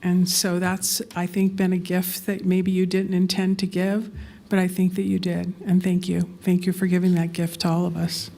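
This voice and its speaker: A woman on a county board giving earnest, halting thanks to a colleague at a public meeting. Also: on the low side, monotone, gravelly, warm tone. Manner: earnest, halting, many fillers. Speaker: county commissioner. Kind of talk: formal remarks at a public meeting.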